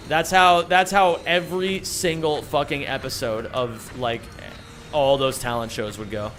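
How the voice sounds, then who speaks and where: A man's voice: mid-range voice, steady tone, unhurried, a bit bright. A young man streaming, telling rambling, profane jokes in casual chat and answering chat. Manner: rambling, profane, jokey storytelling with put-on voices. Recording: faint music behind.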